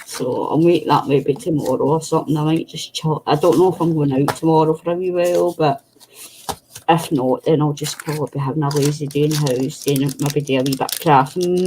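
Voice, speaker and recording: Low-voiced Scottish woman chatting. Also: steady tone, a little fast, dark tone, slight background noise, rough recording. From Scotland. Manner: chatty, rambling, self-deprecating. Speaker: craft stream host. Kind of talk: casual chat while crafting. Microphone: video call setup.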